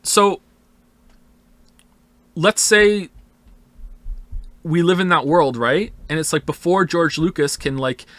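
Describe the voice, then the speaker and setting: Speaking slowly and pausing often, the streamer has a voice on the high side with a fairly bright tone and no echo. He chats casually with viewers, rambling and swearing for emphasis, sometimes slipping into imagined voices as though quoting them.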